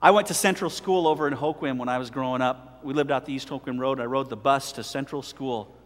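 A middle-aged man preaching a sermon with animated delivery, telling stories and acting out voices. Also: mid-range voice, fast talker, in a large hall. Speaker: pastor.

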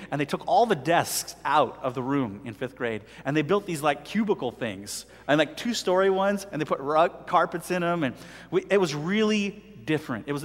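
A middle-aged man preaching a sermon with animated delivery, telling stories and acting out voices. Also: on the high side, long reverb tail. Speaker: pastor.

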